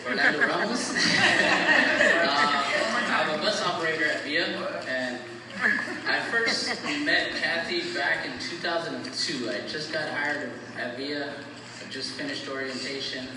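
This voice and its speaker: A man's voice: medium pitch, normal speed. Man, middle-aged, farewell speech, laughing anecdotes, heavy echo, distant mic. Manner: storytelling with frequent laughter. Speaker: bus operator giving a farewell speech. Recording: echoey room recorded from afar, loud ambient noise.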